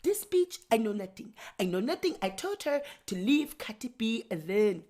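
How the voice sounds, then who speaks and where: A woman playing a sheepish middle-aged African husband with a put-on West African French accent, who mumbles low, evasive answers. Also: sing-song, moderate pace, a little mellow. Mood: pleading.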